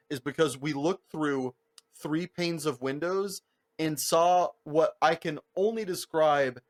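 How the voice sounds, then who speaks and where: A young man with a voice pitched a little high chats into a podcast mic. He tells his stories in a lively, profane way, packed with filler words, and acts out other people's lines in funny voices. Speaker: podcast co-host. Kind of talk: casual storytelling chat.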